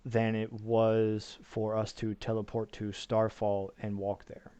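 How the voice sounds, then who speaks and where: A man's voice: on the low side, completely flat delivery, slow, dark tone, clear, resonant tone, dry recording. A man playing in a tabletop game, explaining plainly in casual chat. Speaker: player.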